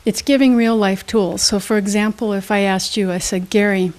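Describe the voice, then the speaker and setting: At normal speed and a medium pitch, a woman speaks with a steady, somewhat dark tone. The motivational speaker and trainer, a guest in a studio interview, answers with an emphatic teacherly manner and quiz-style questions.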